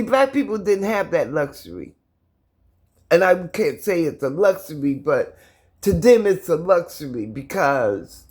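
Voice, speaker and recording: Her voice sits on the low side and sounds a little mellow. She's a middle-aged woman from the United States, filming at home and talking straight to her audience with passion and repetition, stuttering as she holds in tears in this emotional vlog.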